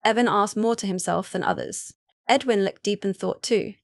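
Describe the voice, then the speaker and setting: A woman reads a first-person romance story aloud as an audiobook. Her voice sits at a middle pitch, and her delivery is even and unhurried. The recording is dry and close, with almost no room sound. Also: vocal fry, dry recording. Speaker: narrator.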